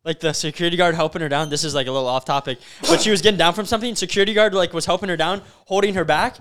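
Young podcast dude, high voice, rambly joke stories, does silly impressions. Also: male voice, very fast, a bit bright, clean tone. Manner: rambling storyteller, mimics girls in a mocking voice. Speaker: podcast co-host. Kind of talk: casual podcast banter.

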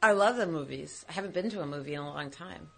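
A woman's voice: low voice, fast, creaky, soft background music. A woman guest in a studio, teasing and playing along in casual chat. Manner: teasing, amused, plays along. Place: radio studio.

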